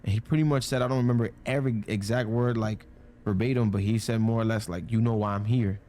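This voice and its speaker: A young man with a fairly low voice tells a story in a loose, casual way. He rambles, leans on "like" constantly, and slips into the voices of the people he quotes. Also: steady tone, fast talker, dark tone. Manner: rambling, many "like" fillers, acts out quoted dialogue. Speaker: storyteller guest.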